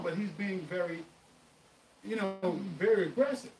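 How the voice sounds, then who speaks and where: Guy hosting a live martial arts q&a, highish voice, sounds far off in an echoey room. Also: moderate pace, pauses often. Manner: animated, emphatic storyteller. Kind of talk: live stream chat and storytelling. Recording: echoey room, voice off-mic, faint noise.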